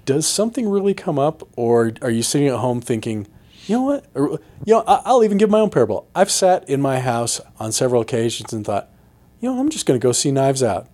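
A man with a mellow, relaxed tone talks through upcoming films in loose, casual podcast chat. He hedges and restarts often and slips in dry, sarcastic quips. His voice stays soft-edged and easygoing. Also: medium pitch, fast talker. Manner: wry, sarcastic asides.

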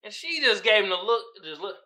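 Speaking fairly quickly in a high-pitched, pushed and bright voice with big swings in pitch, a young Bay Area man rants about a movie on his podcast. His talk is slangy and profane, punctuated by frequent laughter, and the recording is rough.

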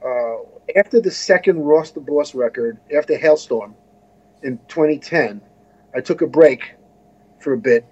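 A man's voice: fairly high pitch, a little slow, darkish tone, slightly rough, highs cut off. An American man telling a long story as an interview guest, rambling with many restarts and asides. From United States. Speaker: guest musician.

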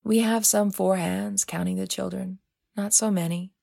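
A woman voicing a gentle, kind young traveler. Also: medium pitch, moderate pace, creaky, no echo, clean studio sound. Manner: gentle and calm.

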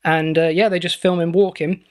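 A man co-hosting a comedy podcast, telling a mock-serious story with deadpan banter. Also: on the high side, normal speed, clean tone. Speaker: podcast co-host.

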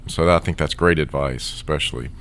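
A man's voice: rumbling low, fairly quick, a bit bright. A man co-hosting a podcast, chatting in an affable, conversational way and asking questions. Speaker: podcast co-host. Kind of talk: casual interview chat.

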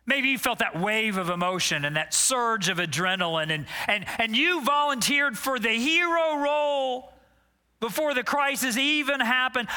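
A man preaching an animated, dramatic sermon as pastor. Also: high-pitched, unhurried.

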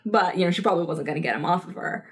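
A woman in her thirties co-hosts a podcast, casually chatting about a TV episode with plenty of fillers and laughter. Her voice is lowish and slightly rough, and she talks very fast.

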